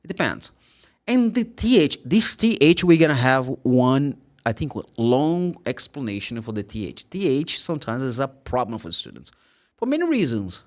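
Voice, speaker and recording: A man with a Brazilian Portuguese accent gives an English pronunciation lesson at a moderate pace, his pitch rising and falling widely in a sing-song way as he explains. He models the sounds himself and acts out the questions students ask.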